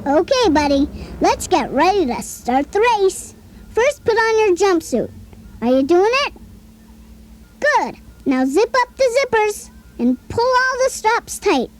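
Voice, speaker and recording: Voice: extremely high pitch, big pitch swings, measured pace, a little hiss or hum, heavily acted. An actor voicing a cheerful boy talking toy who chats with a child on a scripted play-along tape, chirpy and coaxing and always asking the listener questions.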